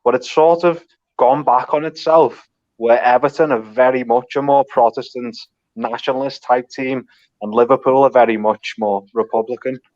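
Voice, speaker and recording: A man's voice: mid-range voice, steady tone, normal speed, darkish tone. A man chatting casually with the lads, calling everyone mate. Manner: matey, chatty. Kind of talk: casual online banter. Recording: lo-fi muffled audio.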